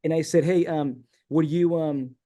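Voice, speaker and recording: A man's voice: a little high, a little slow. A middle-aged man from San Diego telling a long personal story as a guest in a casual interview, acting out the voices of people he quotes. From San Diego, California. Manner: rambling, animated storyteller who acts out quoted dialogue.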